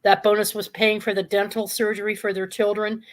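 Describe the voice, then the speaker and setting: Calm woman host telling a story. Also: mid-range voice, fairly quick. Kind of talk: live show storytelling.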